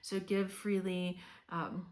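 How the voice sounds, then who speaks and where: A woman's voice: lowish voice, level tone, slow, darkish tone. A woman giving a casual tarot reading, talking in a loose conversational way with many fillers, encouraging the listener. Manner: encouraging, coaching tone. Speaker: tarot reader.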